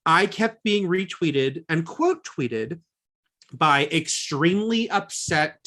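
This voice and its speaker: A man's voice: a little high, expressive, slow pace, bright, forceful tone. A man co-hosting a film podcast, chatting casually and rambling with lots of fillers. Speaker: podcast co-host. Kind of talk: casual chat.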